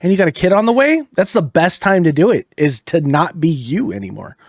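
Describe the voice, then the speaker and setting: Dude cohost on a gaming podcast, pitch all over the place, cussing thru stories, dry mic. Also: male voice, fairly quick, no room sound. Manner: animated storyteller, swears casually. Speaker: podcast co-host. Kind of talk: casual gaming podcast chat.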